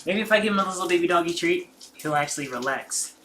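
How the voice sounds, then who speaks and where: A young adult livestream host who chats casually and excitably while cooking in a home kitchen. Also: medium pitch, quick pace, slight background noise. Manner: excitable, chatty, slangy.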